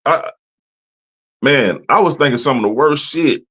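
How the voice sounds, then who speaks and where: A man's voice: medium pitch, unhurried, husky, rough recording. Rambling, profane male podcast host. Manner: profane, rambling, animated storytelling with mimicked voices. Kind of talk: casual monologue.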